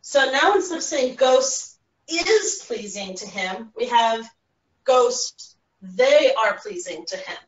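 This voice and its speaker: A woman's voice: fairly high pitch, expressive, takes it slowly. A woman Spanish teacher patiently explaining a lesson to other teachers, with frequent fillers. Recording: roomy, distant, dull classroom audio.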